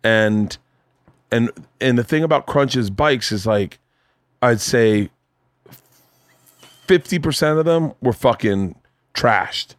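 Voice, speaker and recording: A man hosting a podcast, telling a story in casual chat, animated and swearing, acting out other people's voices. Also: medium pitch, takes it slowly, long pauses, no room sound. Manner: animated, swears, acts out quoted voices loudly. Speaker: podcast host. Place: home studio room.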